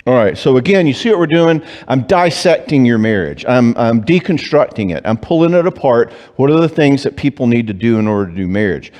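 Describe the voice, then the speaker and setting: Man lecturing in a reverberant church hall. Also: mid-range voice. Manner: animated, joking, acts out clients and spouses in quick voices. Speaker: Christian psychologist speaking at a marriage conference. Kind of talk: conference talk.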